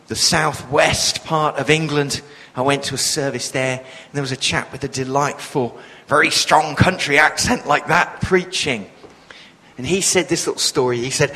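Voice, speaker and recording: A man's voice: moderate pace, bright, forceful tone. A man preaching a sermon, passionate and emphatic, his voice swelling and dropping as he drives his points home. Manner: passionate, emphatic, with sudden swells in pitch and volume. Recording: long reverb of a large hall.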